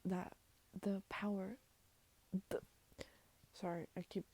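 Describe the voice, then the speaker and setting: A woman voicing a determined woman bargaining with a queen, in a hushed whispered role-play. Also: medium pitch, little pitch movement, takes it slowly, poor audio. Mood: coaxing. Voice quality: hushed, coaxing.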